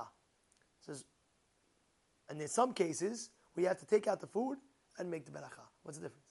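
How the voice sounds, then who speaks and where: A man, a rabbi, giving an animated Torah class, asking his listeners questions and using many fillers. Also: sits high, moderate pace, creaky, pauses often, slightly rough.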